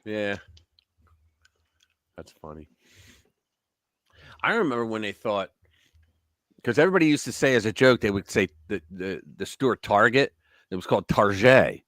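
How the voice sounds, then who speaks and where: A man's voice: lowish voice, expressive, moderate pace, long pauses, fairly bright tone, no room sound, studio quality. A man hosting a casual live-stream commentary show, blunt and profane, laughing at his own jokes. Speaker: host.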